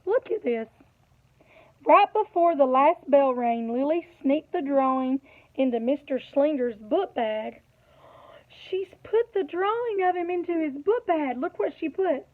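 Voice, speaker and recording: A woman reads a picture book aloud to young children, in a slow and animated way with a fairly high voice. She stops often to ask her listeners questions. The sound is tinny and narrow, like a phone line. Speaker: storyteller reading to children.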